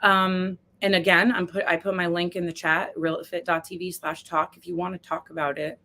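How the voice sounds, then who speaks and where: Her voice is lowish and bright with a forceful edge, moving little in pitch at a normal speed. A U.S. coach hosting her own live video series, she talks candidly and casually to viewers, swearing freely while on the verge of tears.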